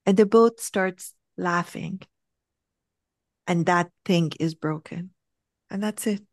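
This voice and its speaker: Woman, spiritual coach, easygoing chat, slows to stress points, dry close sound. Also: lowish voice, dry recording. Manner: animated storyteller, acts out quotes. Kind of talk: casual spiritual conversation.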